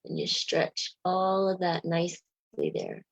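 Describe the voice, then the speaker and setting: A woman leading a guided meditation, coaching listeners gently through affirmations, yawns and stretches. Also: fairly low pitch, huge pitch swings, measured pace, creaky, dry recording, muffled recording. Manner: leads yawning and stretching exercises.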